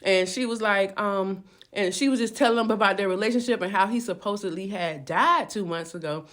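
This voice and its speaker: A woman's voice: medium pitch, fairly quick, a bit bright. A woman casually telling a dramatic story to her viewers, chatty and repetitive, acting out what people said. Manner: chatty retelling with repeated words and acted quotes.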